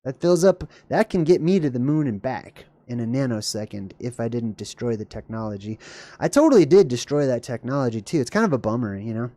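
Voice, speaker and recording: A livestream host giving rambling, digressive reaction commentary, laughing often and jumping suddenly up in pitch. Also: animated, fairly quick, mellow, no room sound.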